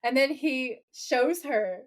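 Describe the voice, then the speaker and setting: A woman's voice: high-pitched, slow. A woman co-hosting a podcast, casually recapping a TV episode, acting out lines and swearing freely. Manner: animated retelling, acts out quoted lines, swears casually. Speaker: podcast co-host.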